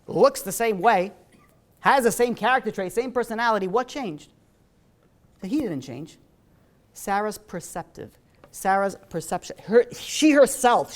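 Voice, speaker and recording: Animated storytelling rabbi, a man. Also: sits high, unhurried, long pauses. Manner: animated, acts out dialogue, many fillers. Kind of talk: storytelling sermon.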